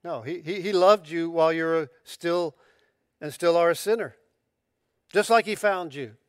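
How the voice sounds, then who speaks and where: A man's voice: on the high side, normal speed, clear, resonant tone, dry recording. Emphatic male preacher with a dry sound. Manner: emphatic, animated preaching with restarts. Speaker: pastor. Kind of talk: sermon.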